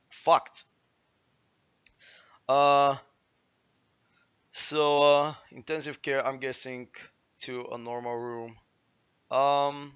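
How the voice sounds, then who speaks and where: A man's voice: mid-range voice, bright, forceful tone, smooth, muffled recording. A young man in his late teens with a Bulgarian accent, a native Bulgarian speaker, telling a story to his stream chat in a rambling way, full of fillers and swearing.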